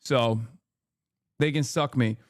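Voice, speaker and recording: A man's voice: medium pitch, slow, no echo. An American man giving heated, profane and sarcastic commentary while reacting to clips. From United States. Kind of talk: ranting commentary.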